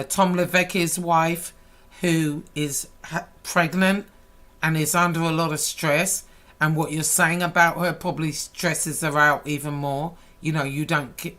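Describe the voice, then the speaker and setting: A woman YouTuber delivering a heated, profane rant to camera, swinging between loud outbursts and low, intense talk.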